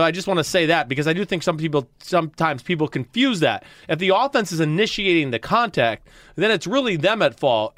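A man with a fairly high voice walks through football plays at length in a relaxed studio chat. He sometimes slips into quick voices of shouting players. The room sound is dry and close. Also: no echo. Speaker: football analyst, co-host. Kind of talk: casual film breakdown chat.

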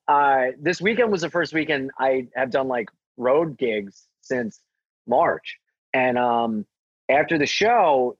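Animated storytelling man, husky voice. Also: dry recording, muffled recording. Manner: animated, acts out quotes in a higher voice. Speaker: stand-up comedian guest. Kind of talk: casual storytelling chat.

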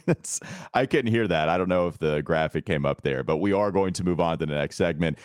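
Male podcast host, lowish voice, dry close sound, brisk and teasing. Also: a little mellow, no echo. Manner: teasing, laughs often, brisk ad reads. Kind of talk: casual sports podcast chat.

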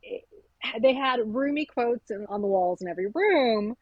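A woman's voice: on the high side, normal speed, slightly rough, no room sound, lo-fi sound. A woman author talking candidly in an interview, telling stories and acting out quoted remarks. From South Asian family. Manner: candid, animated storytelling with quoted asides. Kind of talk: conversational interview.

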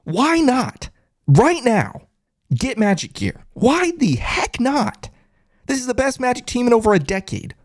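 A man hosting a hyped postgame live stream, reading chat aloud and shouting with excitement. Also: very high voice, unhurried, no room sound, studio quality. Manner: excited, loud, shouting catchphrases. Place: closet at a family home.

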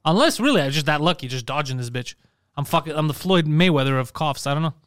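A man talking at a rapid clip in a fairly high voice, hosting a casual podcast chat. He tells his stories with swearing and lots of energy. His voice is close and dry. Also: clean tone, dry recording. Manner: profane, animated storytelling. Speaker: podcast host.

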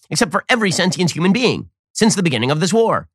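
A man hosting a political commentary show, talking in a fast, mocking, sarcastic way. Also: slightly rough, no room sound, studio quality. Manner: mocking, rapid-fire, animated pitch swings.

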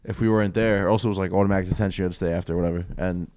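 A man's voice: sits low, rapid-fire, clean tone. New man telling a story. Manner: animated, profane storytelling with acted-out quotes. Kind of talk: casual podcast storytelling.

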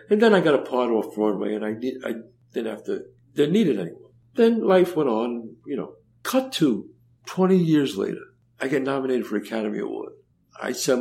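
Speaking in a creaky, mid-range voice, an older male guest spins stories during a relaxed interview. He performs the dialogue as he goes, lively throughout, and tends to repeat himself.

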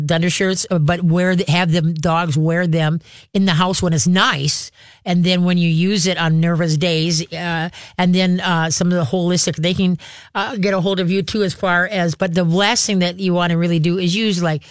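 Radio host who trains dogs, talks quick and practical, acts out commands now and then. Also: medium pitch, no echo, clean studio sound. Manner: chatty and instructive, acts out dog commands. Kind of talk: call-in advice radio.

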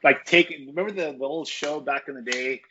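A man's voice: mid-range voice, brisk, sharp tone, lo-fi sound, a little hiss or hum. A man giving his opinions on college football in a casual podcast chat. He rambles with restarts and strong takes.

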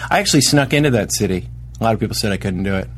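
Rambling deadpan man telling tall tales. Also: fairly low pitch, racing, slight background noise. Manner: rambling, deadpan, exaggerated storytelling. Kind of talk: casual comedic chat.

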